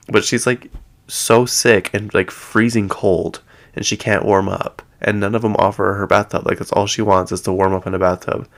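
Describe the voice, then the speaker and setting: A man's voice: fairly low pitch, vocal fry, a bit bright. A man hosting a gossip recap from home, chatty and rambling, full of "like". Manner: chatty, rambling, heavy use of "like". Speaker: gossip show host. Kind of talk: casual reality-TV gossip recap.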